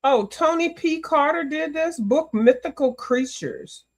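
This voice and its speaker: A chatty woman with a high-sitting voice hosts a coloring livestream at an unhurried pace. She's animated, greets viewers, and exclaims often in casual chat.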